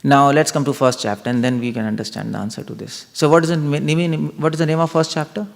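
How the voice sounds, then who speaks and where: Male spiritual lecturer, gravelly, Socratic questioning style, recorded in a reverberant temple hall. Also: on the high side, steady tone, fast. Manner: questioning, reasoning aloud, asks the audience.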